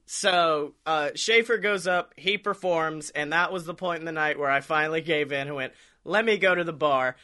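High bright-voiced guy on a podcast, swearing and laughing through his stories. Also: moderate pace. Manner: rambling, profane, laughs often, acts out quotes. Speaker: podcast co-host. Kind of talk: casual storytelling chat.

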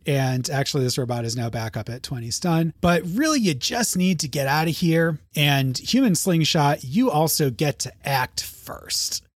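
A man running a tabletop game as game master, relaxed and easygoing. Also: on the high side, moderate pace, few pauses, dry recording, studio quality.

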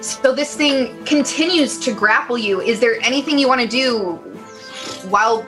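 A woman running a tabletop game as game master, describing monsters and calling for saving throws in a measured way. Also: fairly high pitch, over music.

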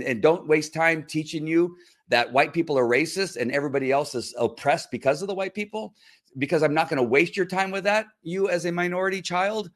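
A man's voice: a little high, fairly bright tone. Sarcastic man ranting to camera. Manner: sarcastic, addresses a critic by name, many restarts. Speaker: social media commenter. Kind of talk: direct-to-camera rant.

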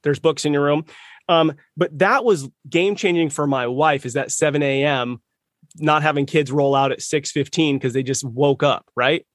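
A man hosting a podcast in casual interview talk, upbeat and quick to affirm his guest. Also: fairly high pitch, dry recording, clean studio sound. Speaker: podcast host.

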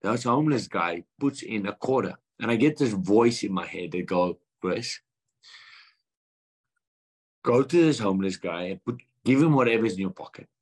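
South african guy in his thirties, kinda low voice, telling a heartfelt story on a podcast, does all the voices himself. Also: normal speed, husky. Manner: earnest, animated retelling with quoted dialogue. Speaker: guest boxer.

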